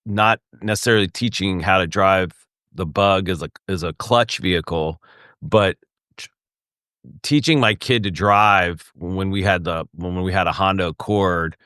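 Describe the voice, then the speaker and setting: A middle-aged man chats on a podcast, slipping into other people's voices as he spins a story. His tone is bright and forceful, and his pitch sits a little low. The sound is dry and close. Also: unhurried, smooth, no room sound. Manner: animated storyteller acting out quoted dialogue. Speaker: podcast co-host or guest. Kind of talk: casual chat.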